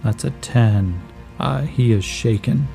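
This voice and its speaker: Gravelly man narrating a solo tabletop game. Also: mid-range voice, takes it slowly, mellow, soft background music. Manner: casual, thinking aloud, many fillers. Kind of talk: solo tabletop role-play narration with dice rolls.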